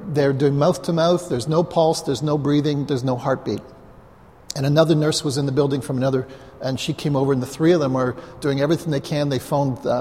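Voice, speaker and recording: A man's voice: fairly high pitch, darkish tone. A man, a pastor, telling a story in a conversational sermon with asides to the congregation, on a clip-on mic. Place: church hall, live before a congregation. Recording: long reverb of a large hall.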